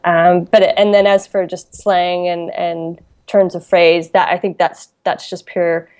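A woman's voice: fairly low pitch, little pitch movement, a little slow, darkish tone. A Canadian woman chatting as an interview guest, laughing often and full of fillers and restarts. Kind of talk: casual interview chat.

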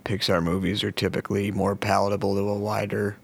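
A man's voice: fairly low pitch, flat delivery, brisk, vocal fry, husky. A man co-hosting a casual podcast chat, explaining things in a dry, matter-of-fact way. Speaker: podcast co-host.

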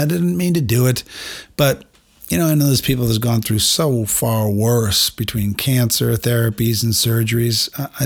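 A middle-aged man with a slightly husky, breathy voice, pitched in an ordinary middle range. He hosts a podcast and tells a personal story in a candid, self-deprecating way, often turning to speak straight to his listeners. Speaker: podcast host.

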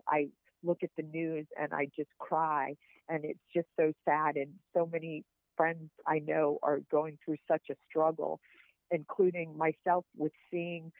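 A woman's voice: low voice, no echo. A woman guest on a podcast telling personal stories in an earnest, heartfelt, encouraging way. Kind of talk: personal storytelling over a call. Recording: tinny phone-line sound, dry.

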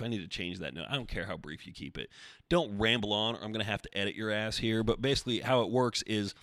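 A man's voice: on the low side, fast, fairly bright tone, no room sound, clean studio sound. A man hosting his own podcast alone, chatting in a rambling, jokey, self-deprecating way. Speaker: podcast host. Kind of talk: casual solo podcast talk.

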